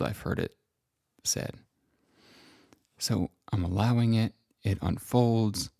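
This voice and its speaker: Slow, gravelly-voiced reflective man. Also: fairly low pitch, no echo, clean studio sound. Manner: slow, gentle and contemplative, with long pauses. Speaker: self-help speaker. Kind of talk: reflective personal monologue.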